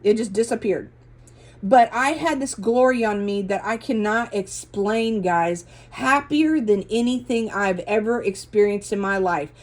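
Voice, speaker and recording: In an unhurried, medium-pitched voice, a middle-aged woman shares a casual religious testimony on her video. She rambles earnestly and keeps stopping to correct herself partway through sentences.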